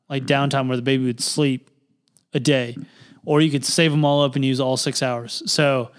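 A young man, co-hosting a podcast and telling a story in casual, swearing chat. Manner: animated, swearing, jumps to high pitch for quoted voices. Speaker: podcast co-host.

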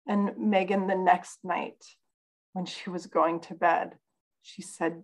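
A woman's voice: lowish voice, little pitch movement, measured pace, gravelly, low-quality recording. A woman guest on a podcast, telling a personal story in an earnest, conversational way.

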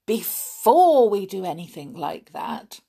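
Slow, breathy woman reading aloud. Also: mid-range voice, sing-song, warm tone. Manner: playful, chatty, laughs often. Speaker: parent reading a story aloud. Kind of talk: casual chat and storybook reading.

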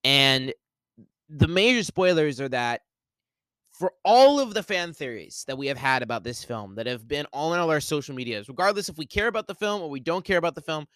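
A man hosting a podcast solo, talking excitedly and rambling, with lots of "like". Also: fairly high pitch, fairly quick, no echo. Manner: excited, rambling, heavy use of "like". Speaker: podcast host. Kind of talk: solo movie spoiler talk.

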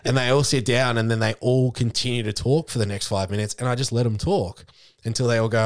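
A man's voice: medium pitch, steady tone, fast talker, dry recording, studio quality. An Australian man, a mental health charity leader, chatting casually on a podcast and acting out quoted voices as he tells stories. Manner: storytelling, acts out quoted voices, casual swearing.

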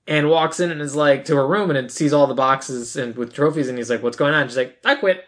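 A woman's voice: sits low, fairly quick. A woman co-hosting a casual podcast, retelling a film's scenes and acting out the characters' lines with frequent laughter. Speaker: podcast co-host. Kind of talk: casual movie recap chat.

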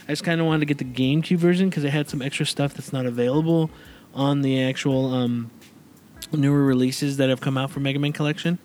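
A man's voice: a little high, a little hiss or hum. A man hosting a casual chat, telling a long story in a rambling way, with many fillers and restarts. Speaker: podcast host.

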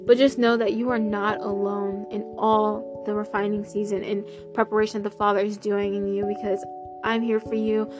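A woman hosting a casual devotional podcast, reading scripture aloud in an excitable, effusive way and sprinkling in hallelujahs. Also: mid-range voice, normal speed, music in the background.

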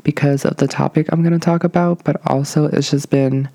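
Young adult solo podcaster, a bit winded, gravelly and mellow tone, dry close sound, nervous rambling delivery. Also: mid-range voice, fairly even intonation, fairly quick, dry recording. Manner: nervous, rambling, many hedges and fillers. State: out of breath. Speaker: podcast host. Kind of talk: casual solo podcast monologue.

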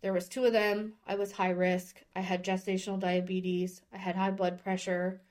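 A woman's voice: mid-range voice, flat delivery, normal speed, a little mellow. Earnest woman telling a personal story. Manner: earnest and openly emotional, speaking candidly. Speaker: guest sharing her story. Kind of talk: personal storytelling in a podcast interview.

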